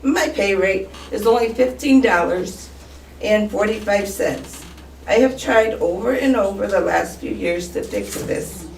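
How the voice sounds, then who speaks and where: A woman's voice: medium pitch, measured pace, vocal fry, roomy sound, recorded from a distance, slight background noise, rough recording. A woman paraprofessional giving a firm, earnest prepared statement at a school board meeting. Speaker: paraprofessional speaking in public comment. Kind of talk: prepared public comment.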